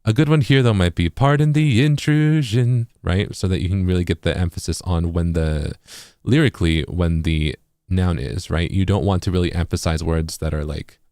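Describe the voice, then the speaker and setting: Very deep-voiced man explaining vocal tuning. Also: fairly quick, hardly any pauses, mellow, dry recording, clean studio sound. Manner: explanatory, keeps asking "right?". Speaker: music producer. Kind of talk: casual tutorial stream.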